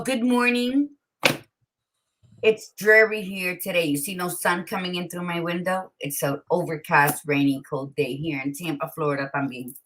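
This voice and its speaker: A woman co-hosting a casual morning chat from home, lively and switching between English and Spanish, laughing often. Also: fairly low pitch. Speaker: co-host. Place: home, by a window.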